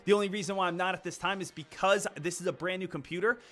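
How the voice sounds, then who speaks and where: A man's voice: high-pitched, steady tone, fast talker, a bit bright. A man streaming about stock trading, lecturing emphatically and repeating phrases for effect. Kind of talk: live-stream motivational talk.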